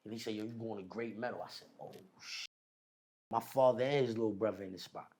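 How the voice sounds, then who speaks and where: A man telling a long personal story in casual, slangy street talk, animated as he retells it. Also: fairly low pitch, racing. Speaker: podcast guest.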